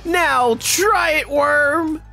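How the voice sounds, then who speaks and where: A man voicing a cruel, theatrical demon from a video game, gloating over his victim with drawn-out taunts and shouts. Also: extremely high pitch, creaky, soft background music, voice pushed up, heavily acted. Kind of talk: video game dialogue read-along.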